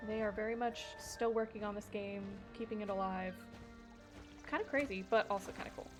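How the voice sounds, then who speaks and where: A woman's voice: mid-range voice, steady tone, fairly quick. A young woman streamer chatting casually while she plays, rambling, swearing freely and laughing often. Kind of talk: casual gaming stream chat. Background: background music.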